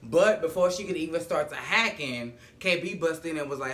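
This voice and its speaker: A man's voice: on the high side, normal speed, fairly bright tone. A man giving a sassy, profane, dramatic casual recap of a TV episode. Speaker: show recap vlogger.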